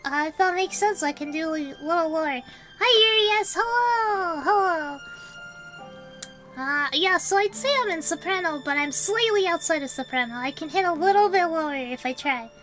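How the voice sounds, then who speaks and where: High, bright-voiced woman streamer chatting. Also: fairly quick, few pauses, faint music behind, poor audio. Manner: chatty, giggly, rambling, answers chat. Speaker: VTuber streamer. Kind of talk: casual livestream chat.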